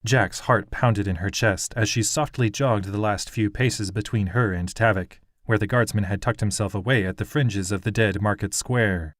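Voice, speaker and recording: A man narrating a fantasy audiobook in a steady, even storytelling manner. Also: lowish voice, no room sound, clean studio sound.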